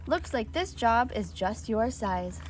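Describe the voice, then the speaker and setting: A woman reading aloud and voicing a kind, friendly female school bus, gentle and reassuring. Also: a little high, expressive, slow pace. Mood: praising.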